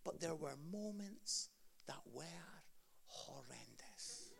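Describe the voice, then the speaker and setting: A male pastor, telling a story in a lively, dramatic way that swings between loud and hushed. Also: a little high, slow, vocal fry. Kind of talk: animated storytelling.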